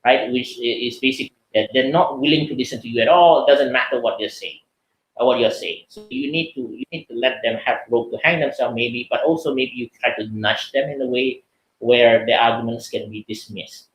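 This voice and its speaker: A man talks through a webinar in a loose, chatty way, tossing in "right?" and "you know" as he goes. His voice sits at an ordinary middle pitch. The room around him rings with a noticeable echo. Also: brisk. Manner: chatty, many fillers and "right?" tags. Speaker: webinar speaker. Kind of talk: casual lecture answering questions.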